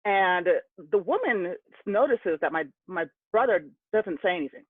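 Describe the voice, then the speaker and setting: A man tells a candid personal story, his voice sitting a little high and heating up as he recalls his anger. The sound is dry and close, squeezed through a narrow, phone-like band. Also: animated, a little slow, no room sound. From California. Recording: tinny phone-like line.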